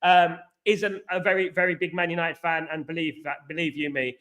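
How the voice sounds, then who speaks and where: A man's voice: fairly high pitch, level tone, a little fast, a bit bright. A middle-aged man with a London accent, hosting a casual livestream chat, rambling and repeating "you know what I mean". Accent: London English. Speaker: host.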